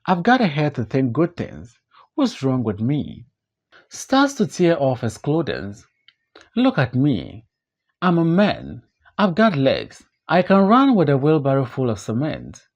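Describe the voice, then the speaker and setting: A man plays a desperate grown man in an audiobook drama. He pleads and protests with wide swings of pitch. His delivery is slow and weighted. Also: wildly swooping pitch, lo-fi sound, exaggerated voice. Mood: anguished. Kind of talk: audiobook play reading.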